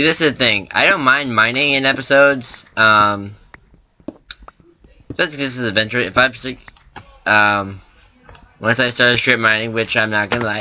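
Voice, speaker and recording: A man's voice: lowish voice, bright, forceful tone, a little hiss or hum. A man giving casual gameplay commentary as a let's play host, rambling and thinking aloud with lots of fillers.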